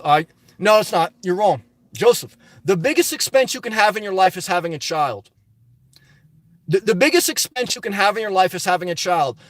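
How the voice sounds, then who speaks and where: A middle-aged man with a high voice answers his viewers' comments on a live stream. He talks casually but slips into passionate rants. The sound is dry and close, with no room echo. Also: animated, moderate pace. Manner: passionate, ranting; reads viewer comments aloud and answers them. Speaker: livestream host. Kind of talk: casual live-chat reply.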